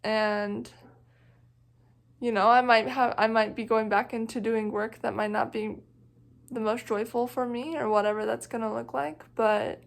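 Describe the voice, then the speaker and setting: A woman's voice: on the high side, steady tone, measured pace, gravelly. Reflective hiker woman, rambling vlog. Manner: thoughtful, rambling, many "like" and "you know". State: emotional, near tears. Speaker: thru-hiker vlogger.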